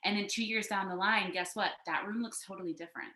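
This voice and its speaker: Woman co-host, talkative and animated, bright tone, roomy home sound. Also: mid-range voice, quick pace. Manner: animated, talkative, frequent "like" fillers. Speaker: co-founder and co-host of a design panel. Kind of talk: casual panel chat. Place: home, sitting on a couch.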